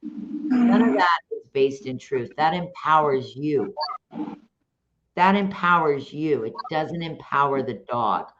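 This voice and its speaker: A talkative woman hosting a casual chat, a former dog trainer who calls herself a loudmouth, rambling in an animated way. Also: deep voice, takes it slowly. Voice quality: loud, talkative. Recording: dull lo-fi sound, faint noise.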